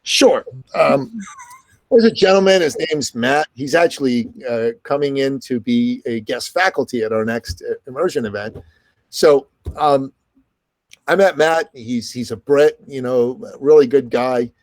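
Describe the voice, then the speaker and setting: A middle-aged man, a business coach being interviewed, telling stories in an animated way and acting out the people in them. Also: medium pitch, no room sound. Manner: animated, fast storytelling with quoted dialogue. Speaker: podcast host and business coach, guest. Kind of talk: storytelling in an interview.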